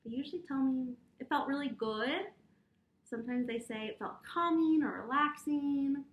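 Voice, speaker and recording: Gentle high-voiced woman teaching children. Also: normal speed. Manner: gentle, encouraging, speaks directly to children. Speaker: preschool teacher. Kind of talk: children's lesson with breathing exercises.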